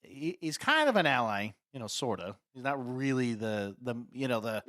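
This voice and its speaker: Man, podcast co-host, lively up-and-down delivery, dry close sound, riffing. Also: medium pitch, normal speed, no echo. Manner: animated, riffs on ideas, laughs. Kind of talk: casual chat.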